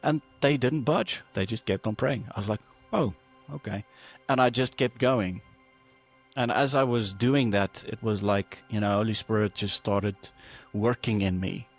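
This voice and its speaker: Animated man telling a personal testimony. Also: lowish voice, moderate pace, faint music behind. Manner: animated, acts out quoted voices, many fillers. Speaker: podcast guest.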